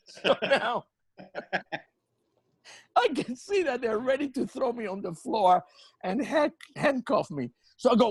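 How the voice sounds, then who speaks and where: Animated man telling a story. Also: sits high, a little slow, long pauses, husky, no echo. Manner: animated storyteller, laughing through his own punchlines. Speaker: comedy podcast co-host. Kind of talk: storytelling on a comedy podcast.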